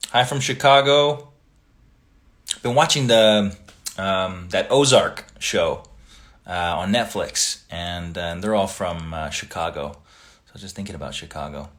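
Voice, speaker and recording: A man's voice: deep voice, measured pace. Chatty man reading out viewer greetings. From Italian family background. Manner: relaxed, chatty, greets viewers by reading their comments aloud. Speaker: livestream host reading viewer comments. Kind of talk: casual livestream chat.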